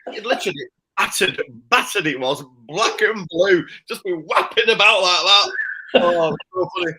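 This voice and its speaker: A man telling a casual anecdote, animated and laughing as he acts out the people he quotes. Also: high-pitched, normal speed, husky, poor audio. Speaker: storyteller.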